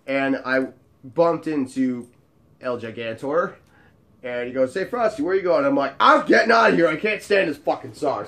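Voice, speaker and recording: A man spins a casual story about his bar days, animated and joking. He swears freely and keeps things loose and playful, in a mid-pitched, ordinary voice. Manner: animated and joking, with frequent profanity. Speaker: show host telling bar stories.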